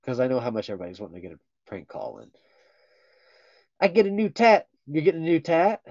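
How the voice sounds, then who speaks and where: Goofy, animated man on a livestream. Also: fairly high pitch, fast, dry recording. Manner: goofy, joking, reading viewer comments aloud. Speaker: livestream host in a costume persona. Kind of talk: playful livestream chat. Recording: dull lo-fi livestream audio.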